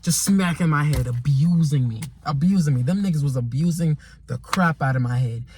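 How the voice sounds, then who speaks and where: A man's voice: a little high, moderate pace, dark tone, a little hiss or hum. Rambling young man telling a storytime. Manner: repetitive, rambling, exasperated; casual slang. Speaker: vlogger. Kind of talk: casual storytime monologue.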